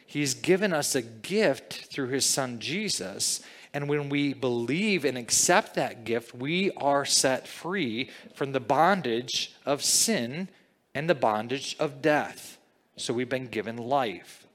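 Male pastor, unhurried sermon delivery, conversational teaching style, reverberant hall sound. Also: mid-range voice, lively intonation, fairly bright tone. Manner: conversational teaching, frequent "okay?" and "all right?" check-ins.

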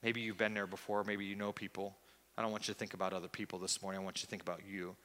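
A male pastor preaching a sermon, reflective and confessional, with hesitant pauses, in a church. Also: sits low, little pitch movement, fairly bright tone, in a large hall.

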